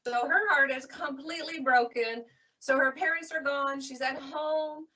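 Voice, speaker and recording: A woman librarian chatting casually about books, retelling stories in an animated way. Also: sits high, a little slow, recorded from a distance, lo-fi sound. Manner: animated retelling, acts out characters' lines. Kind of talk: casual book recommendation chat.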